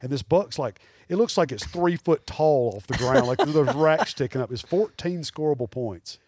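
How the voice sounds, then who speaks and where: A man, telling animated, rambling hunting stories as a podcast guest. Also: a little high, normal speed, no echo, studio quality. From Alabama. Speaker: guest taxidermist. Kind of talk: casual storytelling in a podcast interview.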